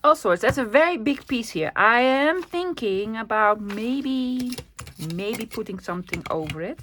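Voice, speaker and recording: Working through a casual craft-along, a crafting channel host from the Netherlands talks to herself in a chatty way, her Dutch accent clear. Her voice is a little high and fairly bright, with lively intonation and an unhurried pace.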